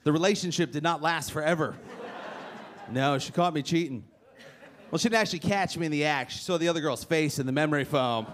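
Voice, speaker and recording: Brash young stand-up comic, raised voice. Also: male voice, a little high, fairly quick. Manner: brash, teasing the crowd, punchy timing. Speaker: stand-up comedian. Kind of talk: stand-up comedy set. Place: comedy club stage before a live crowd. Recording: live club recording with audience noise.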